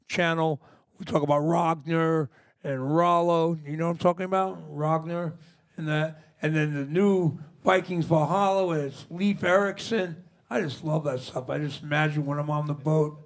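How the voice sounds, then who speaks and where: A punk singer in his sixties speaks in a fairly high male voice with no echo during a live interview before an audience in a library's music department. He tells stories casually, rambling and full of enthusiasm.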